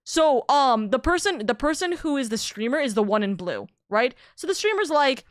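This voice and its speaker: A woman's voice: high voice, sing-song, moderate pace, dry recording, studio quality. A woman streamer in a heated, casual rant, swearing freely and restarting her sentences.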